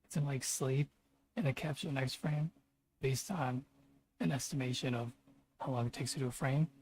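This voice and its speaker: A man with a husky voice talking to his stream as he codes, venting in frustrated, profane rants. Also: mid-range voice, steady tone, moderate pace, a little mellow. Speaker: streamer programmer. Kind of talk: live coding stream commentary.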